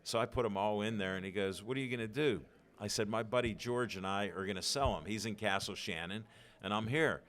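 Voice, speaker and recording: A man's voice: lowish voice, brisk. Older Pittsburgh man, chatty storyteller. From Pittsburgh, USA. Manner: animated storyteller acting out quoted dialogue. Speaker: podcast guest. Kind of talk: storytelling interview.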